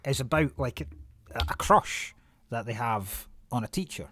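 A man hosting a casual podcast chat, telling rambling, animated stories with plenty of swearing and restarts. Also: mid-range voice, a little slow, dry recording. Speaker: podcast host.

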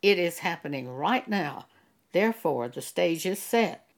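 Slow, earnest woman preaching. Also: lowish voice, expressive. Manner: slow, earnest, reads scripture aloud in King James wording. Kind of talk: sermon monologue.

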